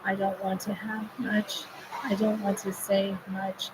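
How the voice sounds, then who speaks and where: A woman's voice: mid-range voice, a little slow. A woman speaking as a spirit medium, relaying messages in a channeled monologue with repetitive, chant-like phrasing. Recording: steady background noise.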